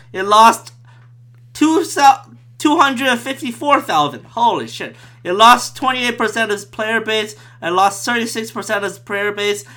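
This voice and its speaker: A man's voice: very high-pitched, bright, forceful tone. A man talking about a video game in a casual, profane rant, full of restarts and repeated words. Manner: profane, ranting, frequent restarts. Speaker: gaming commentator.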